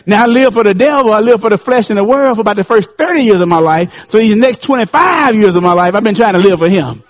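A pastor in his fifties preaching a sermon, swinging between loud, high calls and low, quiet asides. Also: expressive, fast talker. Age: 50s.

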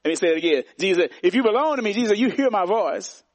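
High-voiced emphatic preacher. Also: male voice, lively intonation, racing, dry recording. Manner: emphatic, repetitive preaching with call-and-response. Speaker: pastor. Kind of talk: sermon.

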